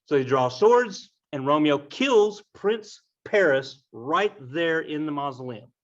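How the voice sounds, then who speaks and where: A man's voice: fairly high pitch, lively intonation, slow pace. A man casually retelling a classic tragedy with wry, offhand asides. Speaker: storyteller. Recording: dull lo-fi recording.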